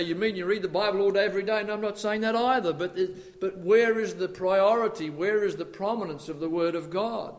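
Male pastor with a high voice, preaches with rhetorical questions, loud then hushed. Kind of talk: sermon.

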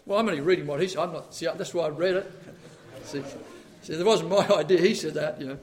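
High-voiced preacher man. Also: fast, a little hiss or hum. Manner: reads quotes aloud with emphatic swings in volume; asks the congregation for responses. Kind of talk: sermon.

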